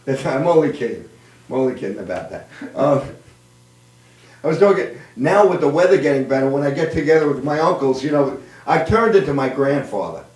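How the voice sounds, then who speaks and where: A man's voice: mid-range voice, expressive, fairly quick, a little mellow, recorded from a distance. A man in his fifties hosting a comedy show, telling old jokes and family stories and laughing at his own lines. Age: 50s. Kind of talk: stand-up joke telling. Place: live streamed show room. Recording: roomy, away from mic.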